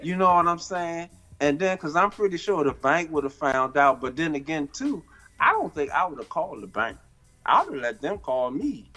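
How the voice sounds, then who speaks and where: A man's voice: a little high, big pitch swings, moderate pace, bright, forceful tone, soft background music. A man hosting a casual chat, chiming in and reading out facts. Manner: backchannels, reads out facts.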